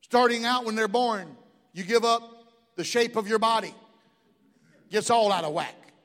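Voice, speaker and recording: A man's voice: high-pitched, a little slow, a bit bright. A middle-aged man pastor preaching a sermon in a church, impassioned, with call-and-response asides. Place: church sanctuary. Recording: long hall reverb.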